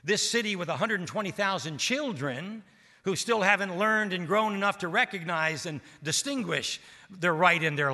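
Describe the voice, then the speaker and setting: A man preaching a sermon as pastor of a church, emphatic and swinging between loud and hushed delivery. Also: sits high, in a large hall.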